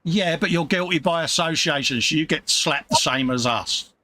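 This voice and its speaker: A man's voice: a little high, moderate pace, pushed and bright, slight background noise. A man co-hosting a casual livestream, bantering and reading out viewer comments. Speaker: live stream co-host. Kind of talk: casual chat.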